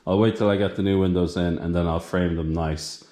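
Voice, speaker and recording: A man's voice: low voice, steady tone, fairly quick, mellow, a little hiss or hum. A man filming his farmhouse renovation, tired and out of breath, rambling and correcting himself as he talks to the camera while working. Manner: rambling, self-correcting, plain-spoken. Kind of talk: casual work commentary to camera. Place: building site, partly on a roof outdoors.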